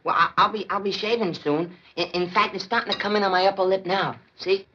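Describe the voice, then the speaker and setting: A fussy, stammering teenage son. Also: male voice, high voice, fairly even intonation, a little fast, bright, forceful tone, breathy edge, exaggerated voice. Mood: timid, fussy. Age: young adult. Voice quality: nervous stammer, prim and polite. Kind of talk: 1950s film comedy acting. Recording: lo-fi 1950s film soundtrack.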